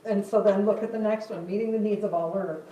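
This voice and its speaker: A woman's voice: medium pitch, steady tone, fast, dark tone, distant mic. An older woman gives a chatty, easygoing guest talk and turns to her audience with questions. Her voice carries off the walls of a very echoey room. She is heard from some way off the mic, with a faint hum of room noise underneath. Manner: chatty, laughs often, asks the audience questions. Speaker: guest speaker. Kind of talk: classroom talk.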